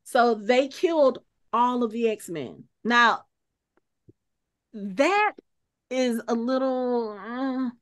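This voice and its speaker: A woman's voice: on the high side, animated, drawn-out words, pauses often. Rambling woman podcast host. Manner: thinks aloud, with many filler words and restarts. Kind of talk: casual chat.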